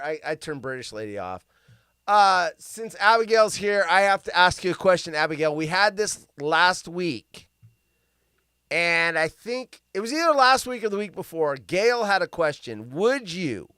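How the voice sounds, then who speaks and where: A man's voice: high voice, animated, moderate pace, bright, forceful tone, clear, resonant tone, no echo, clean studio sound. A man hosting a live show, chatting casually and reading odd news stories aloud with crude, rambling asides.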